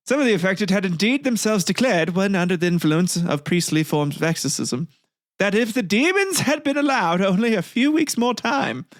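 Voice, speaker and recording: A man's voice: high-pitched, no echo, studio quality. A man hosting a comedic history podcast, reading old text aloud and breaking off into rambling, swearing asides with frequent laughter. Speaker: podcast host.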